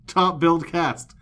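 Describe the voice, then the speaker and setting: A man co-hosting a pop culture podcast, chatting casually in a sarcastic, animated way. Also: fairly high pitch. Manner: animated, sarcastic, reads quotes aloud with mocking emphasis. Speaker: podcast co-host. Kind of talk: casual chat.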